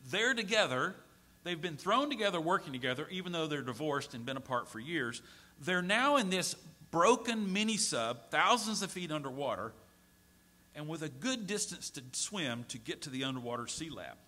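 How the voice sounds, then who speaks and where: A middle-aged man preaching a sermon as a pastor, moving from hushed storytelling to pleading shouts. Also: on the high side, lively intonation, normal speed. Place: church sanctuary.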